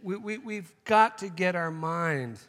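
A man's voice: high-pitched, slow, a bit bright, long reverb tail. A man preaching a sermon, telling a joke story and then making emphatic, repeated points. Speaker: pastor.

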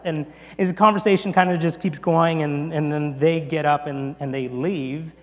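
A man preaching a sermon, retelling a story in an animated way, swinging between loud and quiet with quick restarts. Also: fairly high pitch. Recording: long reverb in a large hall, faint mains hum.

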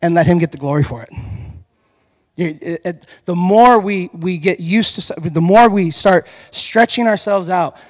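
High-voiced pastor preaching in a reverberant church. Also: male voice, unhurried. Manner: lively storytelling, addressing the congregation directly. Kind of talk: sermon. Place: church hall. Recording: long hall reverb.

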